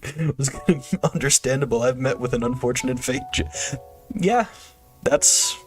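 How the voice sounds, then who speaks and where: A young man streams a game and chats loosely to viewers, wandering between jokes and laughing often. His voice sits at an ordinary middle pitch, with soft music faintly underneath. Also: a little slow. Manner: rambling, jokey, laughs often. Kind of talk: casual gameplay stream chat.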